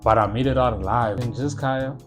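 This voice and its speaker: A young South African man telling stories in a comedic monologue, animated and full of slang and loud jokes. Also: mid-range voice, fairly quick, music in the background. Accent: South African English. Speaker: comedy YouTuber.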